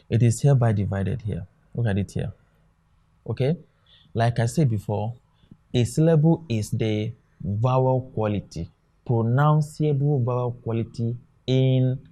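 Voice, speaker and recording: An English tutor with a mellow, mid-range voice teaches an exam-prep lesson. He drills the material, often asking a question and then answering it himself.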